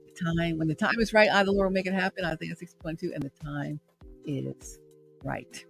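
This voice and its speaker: A woman talking from a room at home in the evening, with a gravelly edge to her voice. She encourages her listeners in an upbeat, repeating, preachy way, and faint music plays softly behind her. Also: mid-range voice, expressive, brisk. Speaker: host and radio traffic reporter. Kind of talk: motivational livestream talk.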